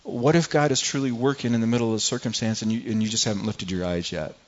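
A man's voice: fairly low pitch, quick pace. A man preaching a sermon, earnest and repetitive, often restarting words and reading scripture aloud to the congregation. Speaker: pastor. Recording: dull lo-fi recording.

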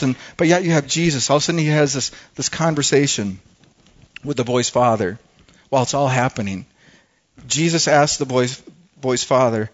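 A male pastor preaching a sermon, earnest and often repeating words as he searches for them. His voice sits a bit high for a man. The sound is dull and lo-fi. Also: a little fast. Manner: earnest, stammering repetitions.

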